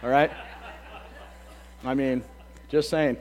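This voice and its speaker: A slightly hoarse man in his thirties, a pastor giving a casual, joking sermon full of ums and uhs. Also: medium pitch, steady tone, takes it slowly. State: a bit hoarse.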